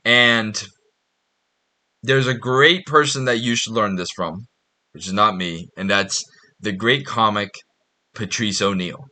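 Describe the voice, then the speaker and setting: A man hosting his own podcast gives a blunt, profane, rambling casual monologue with frequent restarts. His voice is fairly low and sharp in tone, and he speaks slowly, pausing often.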